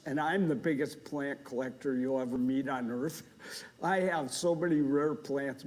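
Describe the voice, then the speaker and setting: An older man giving a humorous gardening talk to a live audience, an animated storyteller who acts out scenes with sound effects. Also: high-pitched. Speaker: gardening speaker. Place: lecture hall before a live audience.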